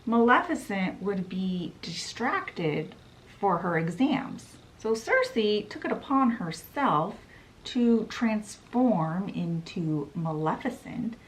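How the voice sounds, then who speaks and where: A woman's voice: mid-range voice, fairly bright tone. A woman vlogger casually retelling a fantasy book plot, quoting characters in a chatty way. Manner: chatty, quotes characters with "she's like".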